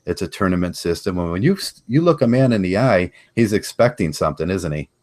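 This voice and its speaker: A man hosting a casual interview podcast, speaking haltingly and often repeating words as he searches for what to say. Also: deep voice, animated, a little mellow, no echo. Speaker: podcast host.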